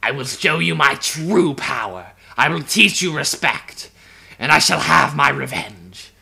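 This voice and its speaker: A man's voice: on the high side, vocal fry, husky, heavily acted. A man hamming up a raging robot villain. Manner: shouted, slow and pompous. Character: blustering male robot villain boss. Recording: game music behind.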